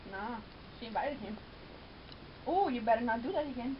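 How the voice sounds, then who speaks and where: A young woman watching a TV show and reacting loudly, profane and brash, shouting at the screen. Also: a little high, expressive, normal speed. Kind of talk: loud casual reaction commentary. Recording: dull lo-fi webcam audio with faint hiss.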